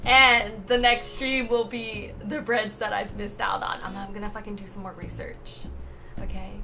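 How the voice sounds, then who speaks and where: A young woman streamer reading chat aloud in a casual, playful way, laughing often and exclaiming loudly when excited. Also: medium pitch, normal speed, vocal fry. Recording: music playing behind.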